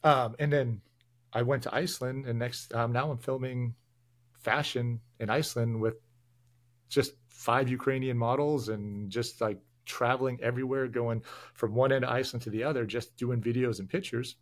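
A man's voice: mid-range voice, moderate pace. A man, a firefighter guest on a podcast, telling stories over a remote call with stumbles and restarts. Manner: animated storytelling, stumbles and restarts. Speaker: firefighter and public information officer, guest. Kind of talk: casual interview chat. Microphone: remote video call.

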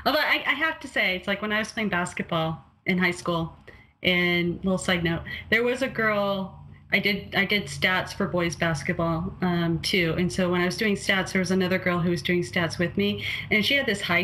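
A woman's voice: lowish voice, normal speed, bright, forceful tone, slight background noise. A young woman co-hosting a casual chat, talking loosely with many fillers and frequent laughs. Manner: chatty, laughs often, lots of fillers.

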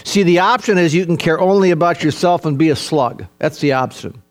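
A man's voice: a little high, a little fast. An older man preaching a sermon, earnest and emphatic, repeating key phrases and calling his listeners folks. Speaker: pastor.

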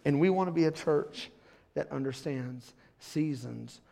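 High gravelly preacher, hushed to shouting. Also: male voice, unhurried. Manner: swings from hushed to shouting, laughs with the congregation. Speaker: pastor. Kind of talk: sermon. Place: church sanctuary.

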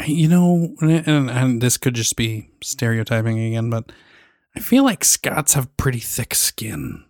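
A man's voice: mid-range voice, very animated, unhurried, darkish tone, no room sound. A tipsy man co-hosting a casual podcast, joking and rambling a bit. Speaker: podcast co-host. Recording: dry close mic.

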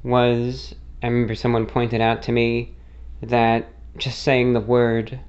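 This American man talks slowly in a mid-range, a little mellow voice, his delivery completely flat and the audio dull. A faint non-rhotic quality gives his accent a slightly British-like lilt. As host, he fields a listener question with a loose, self-correcting story in casual monologue.

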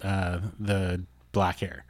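A man's voice: low voice, level tone, drawn-out words, no room sound. A man co-hosting a podcast, easygoing, mostly reacting with short remarks. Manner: easygoing, brief reactions, laid-back. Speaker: podcast co-host. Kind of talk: casual chat. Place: home kitchen.

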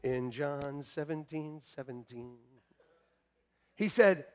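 A male pastor preaching a sermon to his congregation, joking with them and moving between quiet asides and shouted emphasis. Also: on the high side, slow. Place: church sanctuary.

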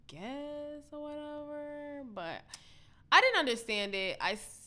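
A woman co-hosting a loose podcast conversation, her voice bright and clear. She talks in an animated, profane way, acting out lines from what she watched with bursts of laughter. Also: high voice, takes it slowly. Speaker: podcast co-host. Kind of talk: casual chat.

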